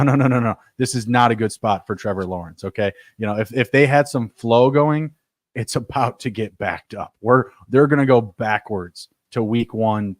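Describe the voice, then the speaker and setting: A man co-hosting a sports betting podcast, brash and excitable, swearing and jumping loud and high as he talks. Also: dry recording, clean studio sound. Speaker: podcast co-host. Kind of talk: casual sports betting chat.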